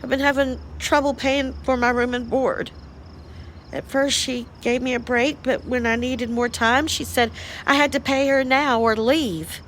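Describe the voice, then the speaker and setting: An actress playing a broke, downcast young woman in an audio drama, speaking softly and wearily. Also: sits high, fairly even intonation, a little slow, a little hiss or hum. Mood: distressed. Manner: soft, weary, hushed.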